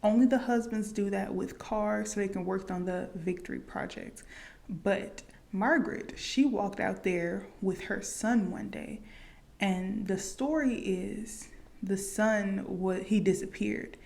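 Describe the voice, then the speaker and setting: Gravelly-voiced woman recapping a film. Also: medium pitch, fairly even intonation, unhurried, darkish tone. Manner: chatty, fillers like "like" and "you know". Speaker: movie reaction youtuber. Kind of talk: casual movie recap.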